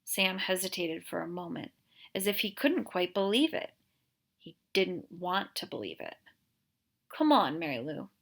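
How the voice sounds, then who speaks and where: A woman teacher reading a novel aloud chapter by chapter, in a clear, steady storytelling voice. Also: on the low side, moderate pace. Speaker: reader, teacher.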